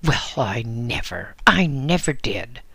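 A fussy middle-aged woman customer, sharp-tongued and easily indignant, voiced lightly by a male storyteller. Her voice is bright with a gravelly edge. The delivery is slow, and the sound is dry and close. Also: mid-range voice, sing-song, no room sound, exaggerated voice.

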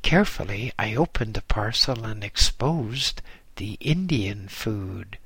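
A man reading a first-person story aloud in a measured, gently wry way. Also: lowish voice, animated, breathy edge, no echo. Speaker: narrator. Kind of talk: first-person audiobook narration.

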